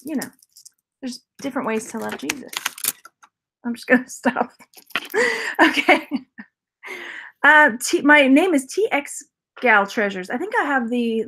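A woman reseller vlogger talks through a thrift jewelry unboxing in a relaxed, rambling way. Her voice sits a little high, and she laughs often and chats with her viewers as she goes. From Texas. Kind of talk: casual unboxing haul chat.

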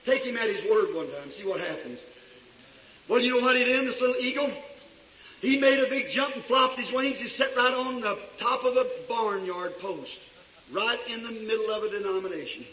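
A male preacher delivering a fiery revival sermon in a church, swinging between shouts and low asides. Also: moderate pace, a little hiss or hum. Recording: echoey hall recorded from far off.

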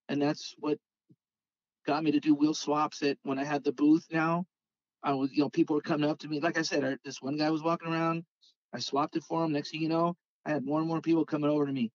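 A man, a podcast guest telling a rambling, animated story and acting out the dialogue. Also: on the high side, fast talker, no room sound, highs cut off. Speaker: podcast guest, scale model car artist. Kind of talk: casual storytelling chat.

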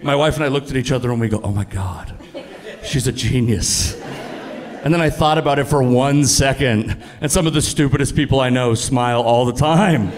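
A man in his thirties performing a stand-up comedy set for a live audience, deadpan and profane, rising to loud exasperated punchlines. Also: mid-range voice, quick pace, hardly any pauses. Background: audience laughter.

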